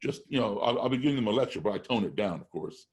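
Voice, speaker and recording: A man's voice: fairly low pitch, lively intonation, fast talker, a little mellow. A middle-aged American man talking as a podcast guest, telling a story with emphatic, step-by-step points. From United States. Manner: emphatic, builds points step by step, acts out classroom exchanges. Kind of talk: conversational storytelling.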